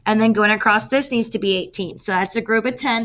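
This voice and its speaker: A woman teacher talks through a math problem one step at a time and counts aloud as she goes. Her voice is bright and clear, and her tone stays patient and explanatory. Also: on the high side, fairly quick, few pauses. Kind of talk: math lesson walkthrough.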